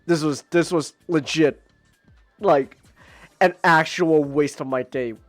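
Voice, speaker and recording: A man hosting a casual podcast, ranting and stammering, repeating words and swearing, dropping to mutters then climbing to near-yells. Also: on the high side, slow, no room sound, soft background music. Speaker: podcast host.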